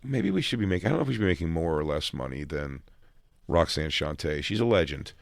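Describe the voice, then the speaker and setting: A man's voice: a bass voice, sing-song, fast talker, gravelly, no room sound, clean studio sound. A man in his forties riffing crude jokes as a podcast co-host. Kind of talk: casual chat.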